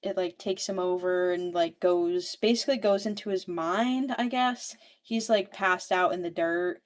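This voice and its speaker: A young woman co-hosting a book podcast, recapping a novel's plot in a casual, animated, profane way. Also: fairly low pitch, a little slow.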